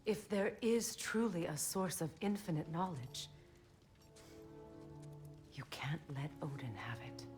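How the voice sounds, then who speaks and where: A grave figure giving a hushed warning in a video game cutscene. Her voice sits very low and she speaks slowly. Loud music fills the background. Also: lively intonation.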